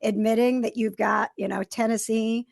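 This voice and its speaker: A woman hosts a casual podcast chat in a chatty, upbeat manner, quick to laugh. Her voice sits a little high with a gravelly edge. The sound is dry and close, with no room around it. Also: fairly even intonation, a little mellow, no echo. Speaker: podcast host.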